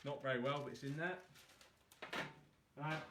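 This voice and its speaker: A man's voice: a little high, normal speed, pauses often, noisy background. A man hosting a live cook-along, chatting casually and poking fun at himself as he talks viewers through each step. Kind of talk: casual live cooking demo.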